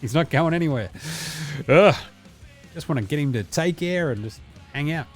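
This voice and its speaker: A man's voice: a little high, expressive, moderate pace, soft background music. A man with an Australian accent, hosting a podcast and casually running through plugs and a sign-off. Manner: laid-back, chatty plugs. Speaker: podcast host.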